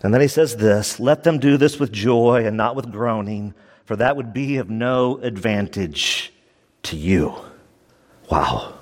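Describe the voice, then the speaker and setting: A man's voice: fairly low pitch, lively intonation, measured pace, in a large hall. A man preaching a sermon as pastor, emphatic and repeating his key lines for stress.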